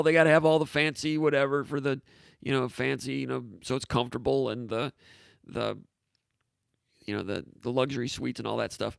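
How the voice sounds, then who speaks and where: A man hosting a live sports talk show, chatting casually and offhand while answering viewer comments, his voice going hoarse. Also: medium pitch, fairly even intonation, brisk, dry recording. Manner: rambling, offhand, with frequent fillers and asides.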